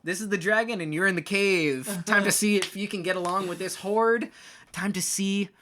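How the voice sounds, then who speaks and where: A man narrating as game master of a tabletop game, talking in a lively way with many fillers. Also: high voice, normal speed, a little hiss or hum.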